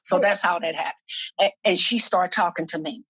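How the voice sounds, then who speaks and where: A woman with a lowish voice tells her story as a podcast guest, slow and earnest, circling back over her words. The sound is dry and close, with no room around it. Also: fairly bright tone, breathy edge, no echo. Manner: earnest, slow and reflective, repeats words as she speaks. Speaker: guest, minister and activist. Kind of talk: personal testimony in a podcast interview.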